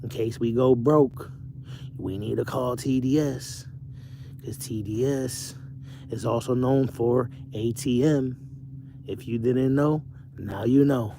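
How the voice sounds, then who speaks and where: A man's voice: medium pitch, steady tone, slow, vocal fry, mellow, a little hiss or hum. A young man livestreaming from his parked truck cab, rambling casually while reading out viewer comments. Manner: rambling, chatty, self-correcting.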